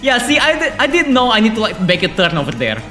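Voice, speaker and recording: A man giving casual, excitable commentary while playing a game, laughing often and swearing. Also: very high-pitched, fast talker, soft background music. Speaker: let's play gamer.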